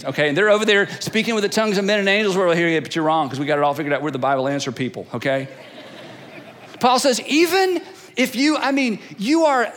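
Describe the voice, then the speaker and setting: Male pastor, very high voice, lively conversational sermon, long hall reverb. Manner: animated, conversational preaching that swings between loud and hushed.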